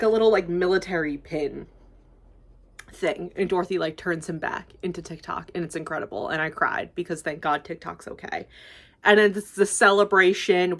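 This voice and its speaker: A woman's voice: fairly low pitch, a bit bright. A young woman YouTuber casually recapping a movie, rambling and gushing, swearing freely and filling with "like".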